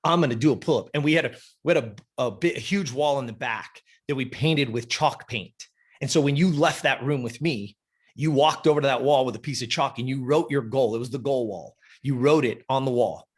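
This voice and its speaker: Husky, fired-up man telling a story. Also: mid-range voice, normal speed. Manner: fired-up, emphatic, swears freely. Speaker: fitness gym owner and coach, podcast guest. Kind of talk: storytelling in a podcast interview.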